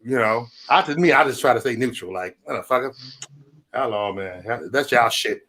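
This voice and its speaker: A man's voice: mid-range voice, animated, moderate pace, pushed and bright. A man hosting a casual livestream from home, talking in loose, profane, laughing banter. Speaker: livestream host.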